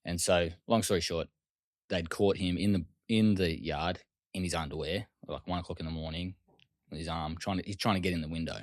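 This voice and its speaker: Casual Australian male guest; low voice, dry close sound, loose rapid delivery with swearing. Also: dry recording. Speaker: interview guest. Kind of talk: casual storytelling interview.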